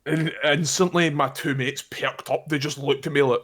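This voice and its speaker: A man with a Scottish accent co-hosting a podcast, telling slangy anecdotes in an easygoing, deadpan way. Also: fairly high pitch, moderate pace. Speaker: podcast co-host. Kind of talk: casual chat, storytelling.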